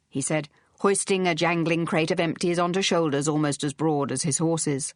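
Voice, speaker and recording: A woman with a fairly low voice reads a period mystery novel aloud in a measured, even manner. The recording is dry and close, with no room sound at all. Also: no echo. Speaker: audiobook narrator. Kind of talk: scripted narration.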